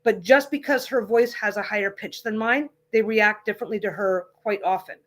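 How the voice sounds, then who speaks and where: A woman's voice: medium pitch, normal speed. A woman hosting a livestreamed tarot reading, chatting casually in a reassuring, rambling way with frequent restarts. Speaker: tarot reader and livestream host.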